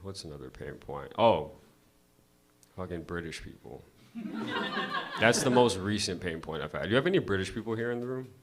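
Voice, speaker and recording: A man's voice: deep voice, lively intonation, moderate pace, long pauses, noisy background. A man doing a casual, profane stand-up set at an open mic, talking to the crowd conversationally. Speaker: stand-up comedian. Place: comedy club stage.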